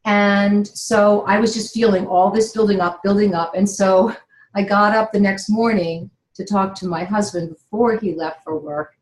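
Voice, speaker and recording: A middle-aged woman gives an earnest, emotional motivational talk, sharing a personal story and laughing now and then. Her voice is mid-range and steady, at a moderate pace, in a roomy, echoing space.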